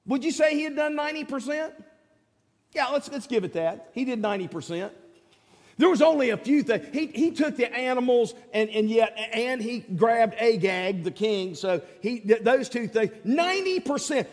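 A preacher with a high, lively voice that swings widely in pitch. He talks conversationally and keeps quizzing the congregation. The long echo of a large hall trails behind each phrase. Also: normal speed. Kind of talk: sermon.

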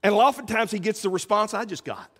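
A man preaching a sermon as pastor, swinging from loud calls to hushed asides. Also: high-pitched, fast. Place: church sanctuary. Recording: church sanctuary with long reverb.

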